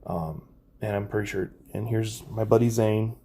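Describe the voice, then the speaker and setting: A man's voice: on the low side, steady tone, moderate pace, warm tone, husky. A man vlogging from home, making an earnest, emotional plea to his viewers. He rambles, with many ums and restarts. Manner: earnest, rambling, with frequent ums and self-corrections. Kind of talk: emotional personal plea to camera. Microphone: phone or camera mic, adjusting it while talking.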